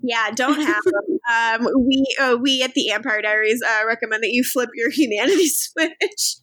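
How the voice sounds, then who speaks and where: A woman's voice: a little high, moderate pace, bright, forceful tone, no room sound. Joking woman podcast host, dry close sound. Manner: joking, self-deprecating, openly sentimental. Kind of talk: casual podcast recap chat.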